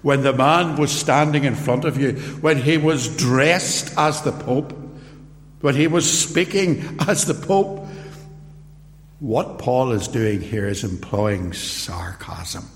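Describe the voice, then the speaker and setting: Guy preaching a sermon real slow, acts out the quotes, big echoey church sound. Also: medium pitch, a little hiss or hum. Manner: slow, deliberate storytelling with acted-out quotes. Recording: roomy hall with long reverb.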